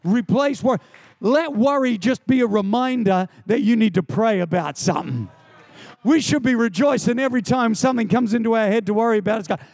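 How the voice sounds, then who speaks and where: A man preaching a sermon in a high voice with a gravelly edge. He talks in an animated, storytelling way and hammers points home by repeating them. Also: brisk. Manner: animated, storytelling, emphatic repetition. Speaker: pastor.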